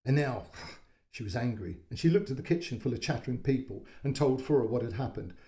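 A male storyteller narrating a short fiction piece, calm and measured. His voice is mellow and warm, with a soft, dark edge. He sits at a middle pitch and eases the tale along. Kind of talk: audiobook-style story narration.

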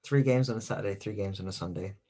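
Husky, low-voiced male co-host. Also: quick pace, dark tone. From United Kingdom. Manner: teasing, argumentative, repeats words. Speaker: podcast co-host. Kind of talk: casual sports podcast chat.

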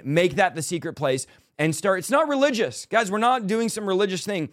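A man hosting a faith podcast, talking in an emphatic, exhorting way and tossing in quick affirmations. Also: sits high, lively intonation, no echo, clean studio sound. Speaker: podcast host. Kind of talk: preaching talk-show chat.

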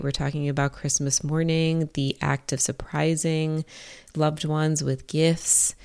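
A woman's voice: deep voice, darkish tone, clear, resonant tone. A young adult woman giving a casual spiritual message, swearing freely and laughing as she talks. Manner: profane, laughing, conversational. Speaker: spiritual channeler.

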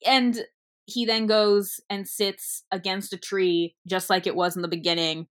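A young woman in casual chat about a movie, retelling scenes with lively quoted lines and frequent fillers. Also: medium pitch, a little slow. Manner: animated storytelling, acting out quoted lines. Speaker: movie reviewer.

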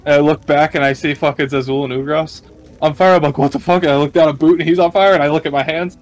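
A man playing a tabletop role-playing game, excitable and laughing often, swearing freely as he describes his character's actions. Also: fairly high pitch, fast, rough recording. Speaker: player.

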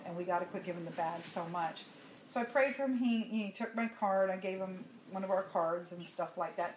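A woman's voice: on the low side, slight background noise. A woman, telling a personal testimony to a congregation in a conversational, storytelling way. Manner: conversational storytelling, animated when laughing. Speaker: church speaker giving testimony. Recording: echoey room with faint ambience.

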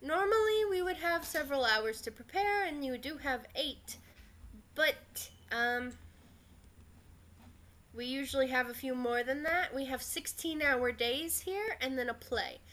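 A woman voicing a bossy male goblin who directs a stage play, giving brisk orders. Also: high voice, a bit bright. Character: fussy theatre director goblin man, bossy.

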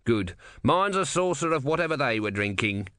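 A man voicing a grumpy, demanding little male tortoise god in an audiobook, talking in a gruff, bossy way. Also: medium pitch, very animated, normal speed, pushed and bright, dry recording, studio quality, voice pushed up.

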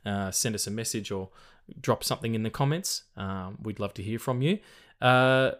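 A man hosting a casual film podcast, relaxed, swearing now and then and reading out trivia. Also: lowish voice, normal speed. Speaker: podcast host.

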